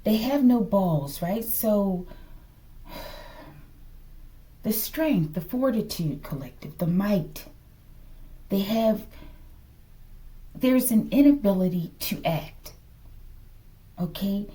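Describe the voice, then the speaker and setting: A woman's voice: mid-range voice, expressive, mellow. A woman with a slight lisp, reading tarot cards for her viewers in a casual, speculative way and often addressing them with "collective" and "okay?". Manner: slow, drops to whispers at times. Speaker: tarot reader.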